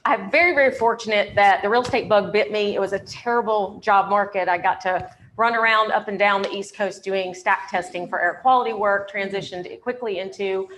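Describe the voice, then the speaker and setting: A woman's voice: mid-range voice, brisk, fairly bright tone, slight background noise. A woman real estate agent from North Carolina telling her own story on a panel, candid and chatty, with frequent ums.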